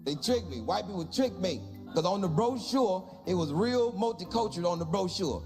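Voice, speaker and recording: Over music in the background, a man performs stand-up comedy, telling a story and acting out its characters and dialogue in exaggerated voices. He is animated, with a high-pitched voice at a moderate pace.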